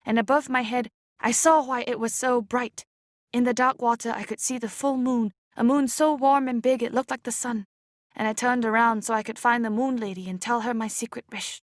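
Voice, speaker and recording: A woman's voice: fairly high pitch, steady tone, moderate pace, no echo. Woman reading a story aloud, dry and close. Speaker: audiobook reader. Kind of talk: scripted narration.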